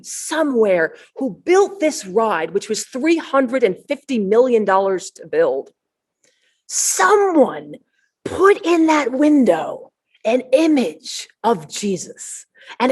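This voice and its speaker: A woman preacher giving a storytelling sermon at an online service, building to excited, near-shouted peaks. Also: a little high, slow pace, slightly rough. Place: online service, shared screen.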